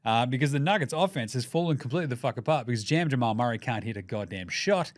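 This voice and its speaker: A man's voice: medium pitch, fast, dry recording. A man with an Australian accent hosting a casual sports commentary show, jokey and full of swearing. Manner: profane, jokey, animated. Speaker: podcast host.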